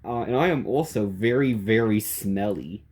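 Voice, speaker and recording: A man's voice: on the low side, normal speed, darkish tone. A man narrating a silly comedic story in a playful, chuckling way.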